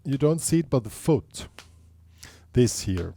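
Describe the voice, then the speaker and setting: A man's voice: mid-range voice, big pitch swings, measured pace, creaky, warm tone, no echo. A man teaching a guitar lesson, explaining patiently step by step and counting beats aloud.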